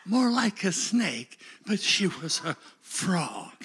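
A middle-aged man preaching a sermon, dramatic and emotional, swinging from shouts down to whispers. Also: high-pitched, sing-song, very slow, husky.

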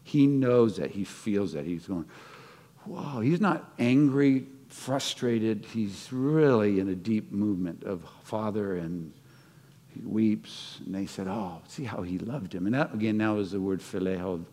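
A low-pitched man preaches a sermon in a church sanctuary, chatty and self-correcting, then climbing into fervent, urgent peaks. His voice rings out with a long hall echo behind it. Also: a little slow, warm tone. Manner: conversational preaching, stumbling restarts, laughing asides, rising to fervent peaks.

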